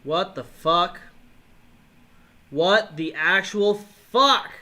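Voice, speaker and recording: A man reacting live while playing a mobile game, swearing and yelling in bursts, then muttering apologies and taunting his opponent. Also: high voice, very slow. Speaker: gaming vlogger.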